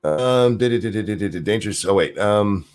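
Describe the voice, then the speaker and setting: A man's voice: on the low side, lively intonation, brisk. A man hosting a casual livestream talk show, reading chat aloud and rambling with offhand swearing. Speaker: podcast host.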